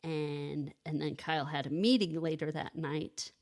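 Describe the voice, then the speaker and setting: A woman in her thirties with a somewhat low speaking voice tells a personal story in a casual podcast chat. She talks in halting bursts, restarting sentences and filling gaps with "like" and "you know.". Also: steady tone. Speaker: podcast co-host telling her own story.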